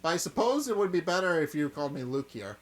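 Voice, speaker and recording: A man's voice: fairly high pitch, big pitch swings, fast. A man voicing a smug, theatrical male mastermind from a game. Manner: theatrical, condescending.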